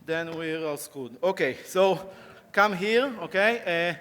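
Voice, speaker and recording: A man with a sore throat speaks slowly in a high, bright voice, playfully directing volunteers on a conference stage. His voice rings with a long hall reverb, and a faint crowd murmurs behind him. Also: clear, resonant tone. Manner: playful, animated, coaxing the audience. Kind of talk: live on-stage tech talk directing volunteers.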